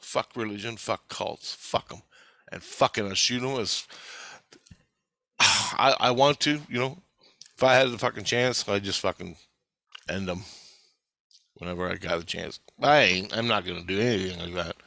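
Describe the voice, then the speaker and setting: A man's voice: fairly low pitch, moderate pace, creaky, long pauses, bright, forceful tone, no echo. A man speaking in a casual, rambling monologue, blunt and full of swearing. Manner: blunt, heavily profane, rambling with restarts. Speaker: channel host.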